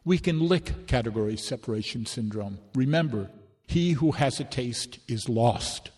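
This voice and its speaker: A man's voice: mid-range voice, normal speed, a little mellow, no echo, lightly acted. A man voicing an earnest, polite male robot servant in a storybook reading, formal and dutiful, recorded dry and close. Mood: preaching.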